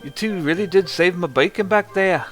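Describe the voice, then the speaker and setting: Man putting on a kindly older auntie, high sing-song voice, fussing, swooping pitch, gravelly edge. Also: sing-song, normal speed, fairly bright tone, soft background music. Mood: cheery. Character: cheery kindly older woman, fond auntie type.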